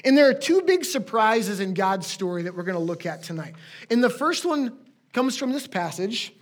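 A man's voice: high-pitched, sing-song, normal speed. A man preaching a conversational sermon as a pastor to his congregation, with friendly asides.

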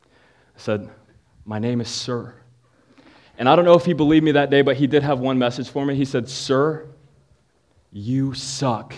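A man's voice: medium pitch, a little slow, long pauses, darkish tone. A young man telling a playful comic story as a youth speaker before shifting into a sermon for a live audience.

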